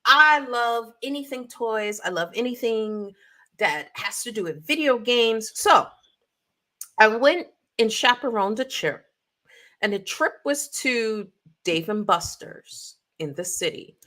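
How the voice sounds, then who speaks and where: A woman's voice: on the high side, expressive, takes it slowly, bright, forceful tone. A woman co-hosting a casual podcast, telling stories animatedly with playful sound effects. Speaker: podcast co-host. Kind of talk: casual chat.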